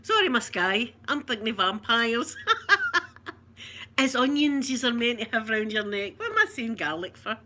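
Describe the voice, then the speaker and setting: A woman's voice: a little high, sing-song, normal speed, bright, forceful tone, a little hiss or hum. A Scottish woman from Scotland in casual live chat, talking to viewers, laughing often and reading out their comments. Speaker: vlogger.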